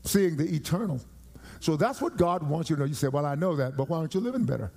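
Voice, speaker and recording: A male pastor preaching a sermon, emphatic and repetitive, rising in pitch as he grows fervent. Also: expressive, quick pace, darkish tone. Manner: emphatic, repeats phrases, rises in pitch when fervent. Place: church.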